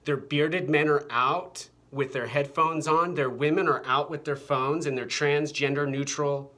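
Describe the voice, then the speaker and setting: A man's voice: a little high, steady tone, unhurried, pushed and bright. A man delivering a rambling, profane, agitated monologue to his camera, repeating phrases over and over. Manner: agitated, repetitive, profane rant. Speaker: vlogger. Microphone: camera mic.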